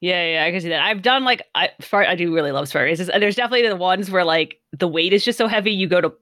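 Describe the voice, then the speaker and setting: Quick, bright-toned interviewer, chatty and encouraging, dry close mic. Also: mid-range voice, no echo. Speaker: podcast host. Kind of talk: casual interview chat.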